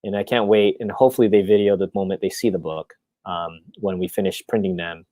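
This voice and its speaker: A man with a fairly low voice hosts a casual live stream, rambling excitedly through his plans with plenty of ums and restarts. The sound is dry and close, with no room echo around him. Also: a little fast. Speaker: comic creator hosting a live stream.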